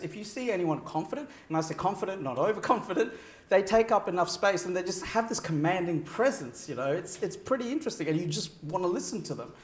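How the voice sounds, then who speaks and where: Lively high-voiced man giving a keynote. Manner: animated, audience-directed, frequent "right?" checks. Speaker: keynote speaker. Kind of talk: energetic conference keynote. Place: large conference hall. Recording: roomy echo of a large hall.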